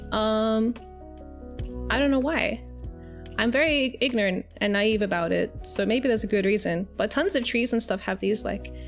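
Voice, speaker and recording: A young Australian woman chatting casually on a live stream, rambling and giggling, with the odd swear word. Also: medium pitch. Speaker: VTuber streamer.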